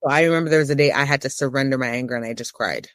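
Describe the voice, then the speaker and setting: A woman in her thirties giving a candid personal testimony as an interview guest, with emotional, preacher-like rises in pitch. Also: very fast, no room sound, studio quality.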